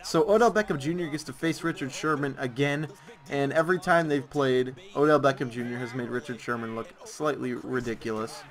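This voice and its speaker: A man's voice: medium pitch, fairly even intonation, a little fast. A young man giving football picks over gameplay in a sarcastic, ranting way, drawing out words for emphasis. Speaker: YouTuber making predictions. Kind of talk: casual commentary over gameplay.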